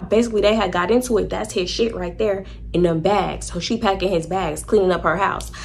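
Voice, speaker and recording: A young woman casually telling a storytime to her viewers, animated and acting out what people said. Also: medium pitch, brisk, vocal fry, slight background noise. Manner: animated, acts out quoted voices, addresses viewers as y'all.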